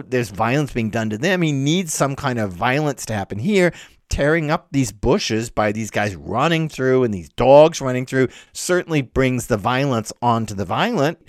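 Animated man lecturing, lively pitch. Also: no room sound, studio quality. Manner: animated, incredulous rhetorical questioning. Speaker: literature lecturer. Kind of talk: explanatory lecture.

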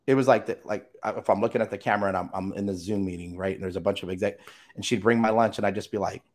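A middle-aged man telling a personal story as a podcast guest, animated, acting out other people's lines and swearing casually. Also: fairly low pitch, racing. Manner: animated, acts out quoted voices, swears casually.

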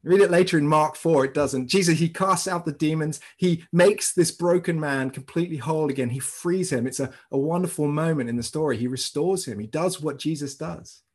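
Husky-voiced pastor preaching a sermon. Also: male voice, a little high, brisk, few pauses. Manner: storytelling, animated, talks directly to the congregation. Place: church service streamed online.

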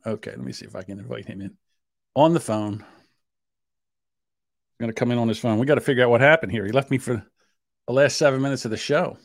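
A man's voice: medium pitch, lively intonation, normal speed, long pauses, dry recording, clean studio sound. A man co-hosting a casual podcast, rambling and joking and laughing often. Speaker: podcast co-host.

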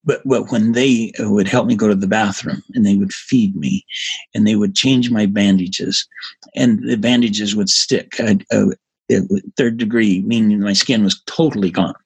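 A man in his seventies, a guest in a casual interview, telling stories in an energetic, emphatic way. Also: on the low side, moderate pace, slightly rough. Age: 70s.

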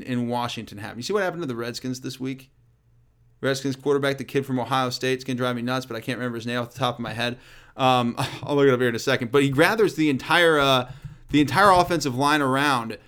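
A man hosting a casual solo sports talk show, blunt and profane, riffing with loud and quiet swings. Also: mid-range voice.

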